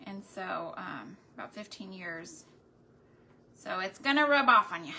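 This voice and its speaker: Slow, folksy Texan-accented woman. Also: medium pitch, lively intonation, pushed and bright. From New Mexico. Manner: chatty, folksy, slow and drawn out. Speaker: homesteading channel host. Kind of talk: casual chat while painting.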